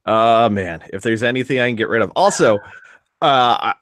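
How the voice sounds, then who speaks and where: A man's voice: medium pitch, normal speed, fairly bright tone, no echo, clean studio sound. A man co-hosting a podcast in casual chat, swearing freely and restarting sentences as he talks. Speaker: podcast co-host.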